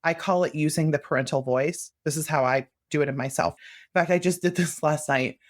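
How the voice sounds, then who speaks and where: A woman's voice: low-pitched, a little fast. Earnest woman guest, plain podcast talk. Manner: earnest, talks through her own self-talk. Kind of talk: conversational podcast explanation.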